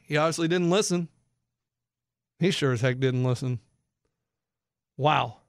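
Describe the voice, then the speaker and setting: A man hosting sports talk, animated and incredulous as he explains bets to listeners. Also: sits high, no echo, studio quality. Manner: excitable, incredulous, explains for non-bettors. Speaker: sports radio host.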